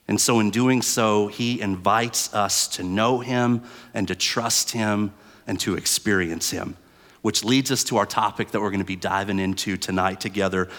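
Man preaching in a reverberant hall. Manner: animated storytelling, rising high and loud in the story. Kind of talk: sermon with a told story. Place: church hall with students present.

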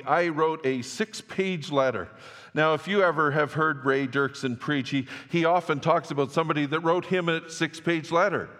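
Storytelling pastor in a reverberant hall. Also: male voice, fairly high pitch, a bit bright. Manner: conversational storytelling with restarts. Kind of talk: sermon. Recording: long church-hall reverb.

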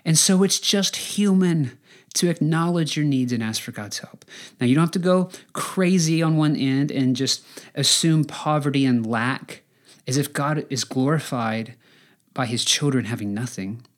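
Man preaching a conversational sermon. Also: medium pitch. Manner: earnest, conversational, with pauses and restarts. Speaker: pastor.

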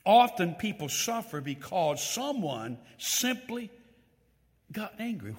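Animated preacher in a reverberant church. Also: male voice, sits high, slow pace. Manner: animated, reads scripture aloud with emphatic stress; asks the congregation questions directly. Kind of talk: sermon. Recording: long hall reverb.

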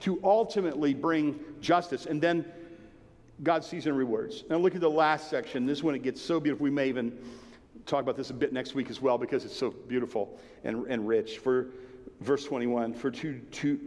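A man preaching a sermon in a conversational, emphatic way, sometimes dropping to a hushed tone. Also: medium pitch, normal speed. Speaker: pastor. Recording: long hall reverb.

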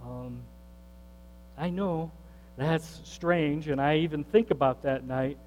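A man's voice: on the high side, a little slow. Man preaching in a reverberant hall. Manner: conversational, animated when quoting others. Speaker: pastor. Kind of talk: sermon storytelling. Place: church sanctuary. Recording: long hall reverb with mains hum.

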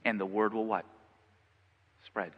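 A man preaching a sermon as pastor, conversational and repeating himself, rising to loud passionate stretches. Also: lowish voice, steady tone, unhurried, husky. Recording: long reverb, dull lo-fi sound.

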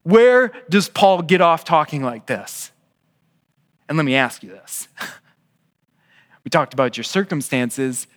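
A man preaching a sermon at a church service, animated and asking the congregation rhetorical questions. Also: a little high, slow pace, pauses often. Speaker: pastor.

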